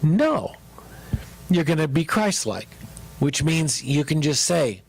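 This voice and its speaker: A man pastor teaching about marriage, joking and animated as he speaks to his listeners. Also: on the high side, slow pace, long pauses, slightly rough, poor audio.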